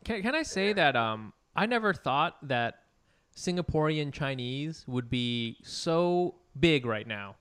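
Male podcast co-host, clear smooth voice, relaxed joking casual chat. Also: fairly high pitch, takes it slowly.

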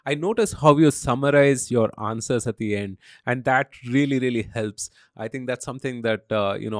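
A man's voice: mid-range voice, dry recording. A male podcast host with a mid-range voice, recorded dry with no room sound. He gropes toward his question with lots of fillers and restarts. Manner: hesitant, many fillers, rephrases questions. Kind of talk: interview question.

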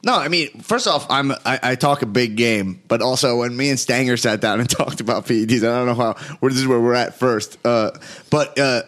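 A man's voice: mid-range voice, a little fast, a bit bright. A man, a comedian guest on a podcast, chatting casually and laughing often as he jokes. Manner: laughs often while joking. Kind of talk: casual chat.

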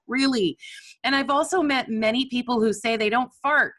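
A woman coach speaking in a candid, animated, self-mocking personal monologue about her own feelings. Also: fairly high pitch, a little fast.

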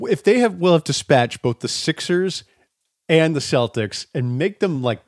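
A middle-aged man co-hosting a podcast, telling stories in a casual, profane, animated way. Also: mid-range voice, no room sound, studio quality. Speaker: podcast co-host. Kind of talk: casual chat.

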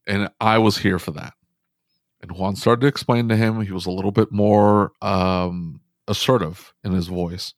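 Male, low register, dry close-mic sound; animated podcast storyteller who restarts often. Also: a little slow, dry recording. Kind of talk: casual podcast conversation.

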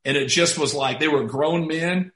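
A man's voice: on the high side, moderate pace, a bit bright. A middle-aged man, a college basketball head coach, telling stories in a casual podcast interview, rambling with many "like"s and poking fun at himself. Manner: rambling, heavy use of "like", self-deprecating. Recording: roomy echo.

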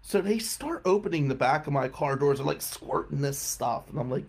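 A male radio host telling a comic story in a casual way, often clearing his throat and chuckling as he goes. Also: fairly high pitch, lively intonation, normal speed.

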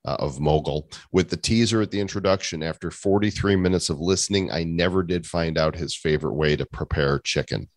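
A man's voice: extremely low pitch, dry recording. A man co-hosting a podcast in casual chat, reading listener reviews aloud with dry, chuckling humor. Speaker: podcast co-host. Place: living in Puerto Rico.

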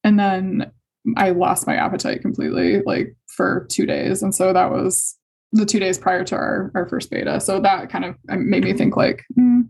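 A young adult woman telling a personal story in conversation, hesitant and emotional, with many fillers and soft laughs. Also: mid-range voice, expressive, normal speed, gravelly, husky. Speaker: guest sharing fertility story.

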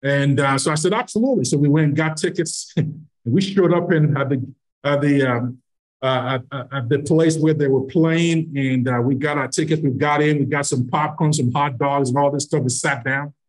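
Animated man telling a personal story. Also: a little high, normal speed. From Nigeria. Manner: animated storyteller who acts out quoted dialogue. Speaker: podcast guest. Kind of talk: storytelling anecdote.

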